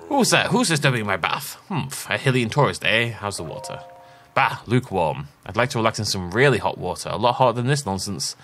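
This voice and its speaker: A man voicing a gruff, grumpy male Goron from a video game, reading its dialogue aloud with a grumbling, dismissive manner. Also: lowish voice, big pitch swings, brisk, fairly bright tone, soft background music.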